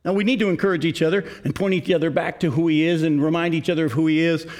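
An older man preaching a sermon, reading scripture slowly and emphatically and then talking to the congregation in an earnest, conversational way. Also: a little high, steady tone, a little mellow. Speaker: pastor.

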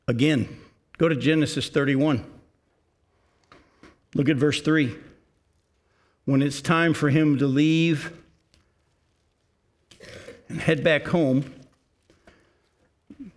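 At medium pitch, an older pastor preaches, reading scripture with slow emphasis and then turning to talk with the congregation in an earnest, conversational tone.

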